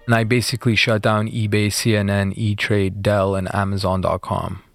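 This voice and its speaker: A man's voice: fairly low pitch, little pitch movement, normal speed, gravelly, no room sound, soft background music. A man being interviewed about his past, telling the story in a casual, conversational way with lots of "like" and "you know.".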